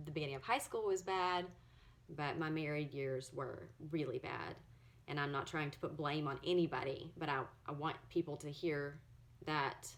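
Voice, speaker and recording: A woman in her forties sharing her personal story in a halting, earnest way, at times close to tears. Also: deep voice, a bit bright. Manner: earnest, halting, emotional, often near tears. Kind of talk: personal testimony to camera.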